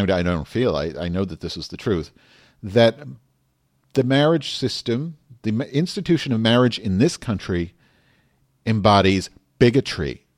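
A man's voice: fairly low pitch, a little mellow, no echo, studio quality. A man hosting a podcast, ranting in a profane, emphatic and heated way, then turning to casual show chat. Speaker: podcast host. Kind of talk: impassioned rant and show chat.

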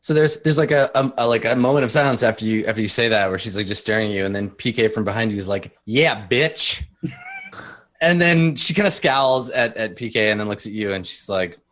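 Low-voiced man, a halting game master. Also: expressive, fairly bright tone. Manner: halting narration full of ums and uhs. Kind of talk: narrating a tabletop game.

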